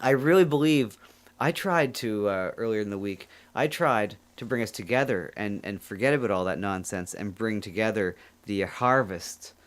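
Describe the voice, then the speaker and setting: A man's voice: fairly low pitch, normal speed. A man hosting a livestream in casual chat, joking and rambling, often laughing. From Canada. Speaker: livestream host.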